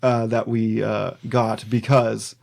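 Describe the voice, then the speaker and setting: A man's voice: fairly low pitch, level tone, takes it slowly, creaky, darkish tone. A man co-hosting a folklore podcast in casual chat, rambling with many fillers and easy laughs. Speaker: podcast co-host.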